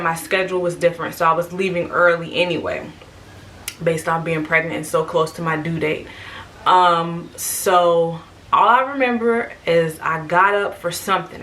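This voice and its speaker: Bright-voiced young woman telling a story. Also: on the low side, normal speed, recorded from a distance, a little hiss or hum, poor audio. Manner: animated, lively, quotes people in raised voices. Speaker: vlogger. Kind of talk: casual storytelling.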